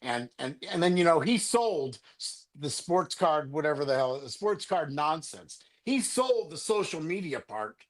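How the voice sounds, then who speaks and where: Speaking on the high side, very animated, a little slow and with few pauses, an older man who collects sports cards rants on a livestream. He's at home on a remote video call, heated, rambling, angry and swearing.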